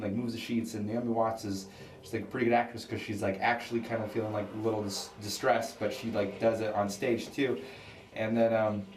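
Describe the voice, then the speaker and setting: A drunk man retelling a film in a rambling, halting way, full of filler words. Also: mid-range voice, darkish tone, recorded from a distance, slight background noise. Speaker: comic film recapper.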